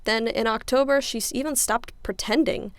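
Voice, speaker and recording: A young woman reading reddit stories aloud in an expressive way, saying punctuation out loud and adding her own reactions. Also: fairly high pitch, normal speed, clean tone, dry recording. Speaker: reddit story reader.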